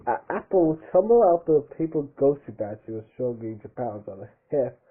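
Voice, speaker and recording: A man's voice: medium pitch, very animated, fairly quick, breathy edge. Tinny-sounding man reading aloud, stumbling. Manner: stumbling reading, rereads his slips. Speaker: reader of a fan book. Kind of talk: casual read-aloud with asides.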